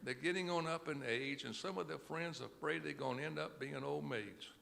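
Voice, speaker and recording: A man telling clean jokes to an audience at a country club, acting out each character in an unhurried storytelling manner. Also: a little high, creaky, fairly bright tone, in a large hall. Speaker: inspirational speaker telling jokes. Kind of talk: stand-up joke telling. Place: country club event room.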